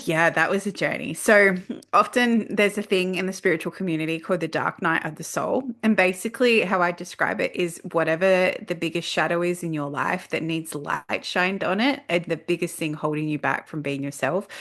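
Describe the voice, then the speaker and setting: A woman speaks as a podcast guest. Her voice sits a little low. She tells her story with energy and plays out her own past lines as she goes. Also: normal speed, fairly bright tone. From Australia. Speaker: guest, leadership coach. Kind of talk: casual podcast conversation.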